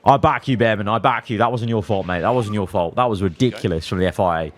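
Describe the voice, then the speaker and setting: A man giving excitable live commentary over a racing management game, swinging from low muttering to loud outbursts. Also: fast, hardly any pauses, a little hiss or hum. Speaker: gaming YouTuber.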